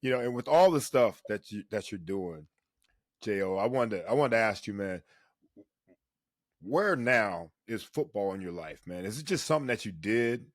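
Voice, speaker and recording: A man's voice: lowish voice, expressive, normal speed, no echo, studio quality. A man hosting a podcast, asking a guest questions in an enthusiastic, casual way. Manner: enthusiastic, keeps saying "man". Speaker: podcast host. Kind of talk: casual interview chat.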